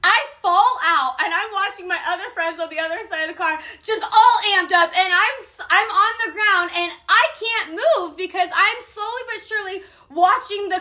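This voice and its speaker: A woman in her thirties tells a casual story to camera, animated and quick to laugh. Her voice sits high and bright. She swears freely as she goes.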